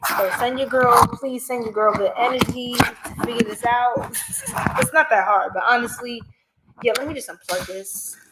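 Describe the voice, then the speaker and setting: Chatty woman tarot reader, slightly high voice. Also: normal speed, very noisy. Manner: chatty, many fillers, addresses viewers as y'all. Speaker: tarot reader, livestream host. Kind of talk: casual livestream card reading. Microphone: phone.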